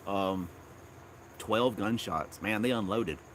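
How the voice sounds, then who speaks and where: Man, fairly low voice, rambling live-stream chat, frequent chuckles, backyard, faint insect hum behind. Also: takes it slowly, fairly bright tone. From Tennessee. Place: outdoors in a backyard.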